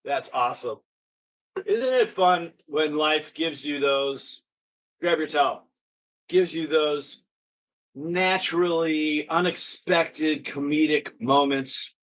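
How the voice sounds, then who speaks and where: A man's voice: on the high side, takes it slowly, a bit bright. Upbeat, encouraging male exercise instructor. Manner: upbeat, encouraging, storytelling between cues. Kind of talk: online exercise class with chat.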